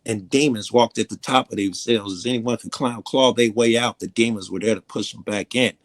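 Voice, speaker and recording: A man's voice: fairly low pitch, brisk, dry recording. A man telling long, earnest stories in a casual, rambling way, swearing freely. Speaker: guest storyteller. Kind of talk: casual storytelling.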